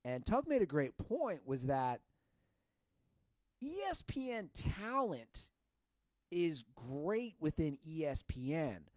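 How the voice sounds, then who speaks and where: A man's voice: on the high side, sing-song, slow, long pauses, dry recording. A man co-hosting a podcast, chatting casually and emphatically about sports media. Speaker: podcast co-host. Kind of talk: casual chat.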